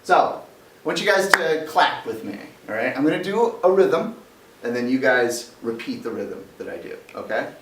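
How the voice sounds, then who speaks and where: A man's voice: mid-range voice, sing-song, moderate pace, fairly bright tone. A male teacher lecturing a class, explaining step by step and quizzing students as he goes. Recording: roomy classroom, mic far off, faint background noise.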